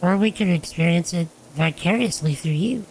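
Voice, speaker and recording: A woman's voice: on the low side, normal speed, darkish tone, faint music behind, rough recording. A woman live-streaming a game, chatting casually and playfully with her chat and a friend.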